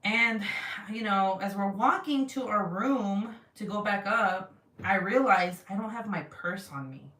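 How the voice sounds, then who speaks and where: A young woman livestreams a story from home in loose, casual talk. She is animated, laughs a lot and swears freely, and her voice sits at an ordinary middle pitch. The mic is set back, so her voice sounds distant with a roomy echo. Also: unhurried. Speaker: vlogger reading live chat.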